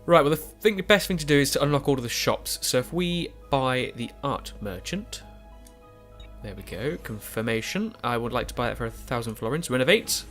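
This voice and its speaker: A man's voice: mid-range voice, expressive, moderate pace, a bit bright, faint music behind. Young male let's-player, stuffy nose, chatty and self-correcting. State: has a cold, nasal. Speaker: gaming YouTuber. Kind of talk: let's play commentary.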